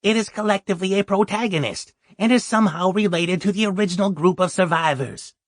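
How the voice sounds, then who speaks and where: High, measured male reader. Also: dry recording, studio quality. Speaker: audiobook reader. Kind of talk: scripted reading of a book excerpt.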